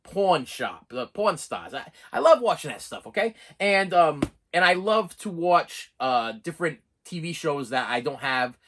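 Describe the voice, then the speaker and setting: Excitable man with a Boston accent. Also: fairly high pitch, a little slow, hardly any pauses. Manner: rambling, excitable, talks straight to viewers. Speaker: physical media collector unboxing. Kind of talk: casual unboxing vlog.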